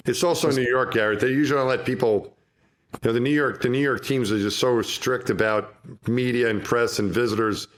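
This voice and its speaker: A man co-hosting a podcast in casual chat. He chimes in with quick, agreeable interjections. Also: mid-range voice, steady tone. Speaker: podcast co-host.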